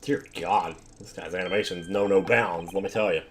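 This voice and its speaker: Low-voiced joking young game commentator. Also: male voice, fairly even intonation, moderate pace, slight background noise. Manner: joking, offhand asides. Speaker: let's play commentator.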